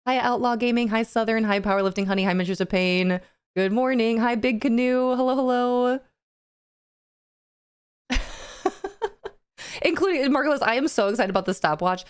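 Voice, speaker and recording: A woman's voice: fairly high pitch, moderate pace, pauses often, clear, resonant tone. A young adult woman streaming live, chatting casually with her viewers, greeting them by name and laughing often.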